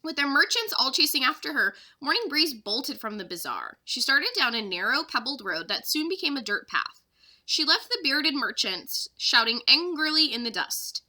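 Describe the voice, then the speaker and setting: This young third-grade teacher has a very bright, high voice and reads a children's chapter book aloud at a moderate pace. Her reading is expressive and lively, rising and falling as she carries the story forward.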